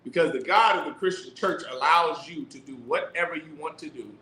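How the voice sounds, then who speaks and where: A man's voice: a little high, a little fast, sharp tone, echoey room, slight background noise, poor audio. A man teaching scripture in a sermon style, preaching emphatically with rhetorical questions and reading verses aloud. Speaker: teacher of a religious class.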